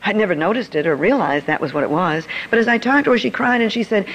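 Older woman with a gravelly voice. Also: mid-range voice, expressive, fast, hardly any pauses, fairly bright tone, poor audio. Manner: personal, confiding storytelling. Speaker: speaker. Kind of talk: storytelling talk.

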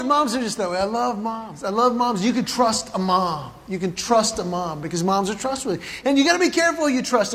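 High-voiced male comedian on a live stage. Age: middle-aged. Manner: animated, playful storytelling with acted-out quotes. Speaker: stand-up comedian. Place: large hall with a live audience. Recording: live hall reverb, audience noise.

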